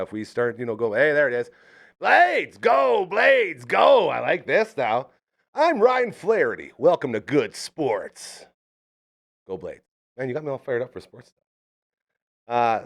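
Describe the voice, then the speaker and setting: A man hosting a live podcast in a rambling, jokey, upbeat way. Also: fairly low pitch. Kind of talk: casual live show chat.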